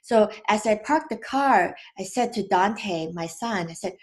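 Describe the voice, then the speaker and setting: A woman in her thirties gently telling a personal story about her young son, in a casual, unhurried way. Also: medium pitch, animated.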